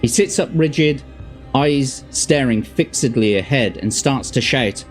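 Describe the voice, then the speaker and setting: A man's voice: medium pitch, measured pace, soft background music. Birmingham man reading a fantasy gamebook. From Birmingham, England. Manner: casual, stops to chat and correct himself. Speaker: host reading a gamebook on stream. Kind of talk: reading a fantasy gamebook aloud with chat asides.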